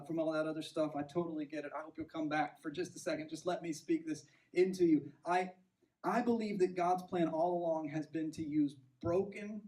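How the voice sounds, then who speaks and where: Man pastor, sermon, high voice, conversational, self-deprecating, distant mic. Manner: conversational, self-deprecating, keeps asking "right?".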